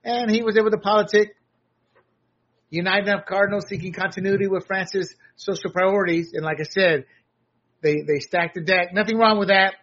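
A man's voice: high voice, steady tone, a little fast, fairly bright tone, highs cut off. An American man giving blunt, sarcastic solo commentary, often restarting his sentences. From United States.

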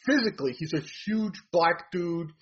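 A man's voice: sits high, lively intonation, moderate pace, fairly bright tone, husky. A man giving blunt, rambling opinions in a casual chat about comedians. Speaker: comedy commentator. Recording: dull lo-fi audio.

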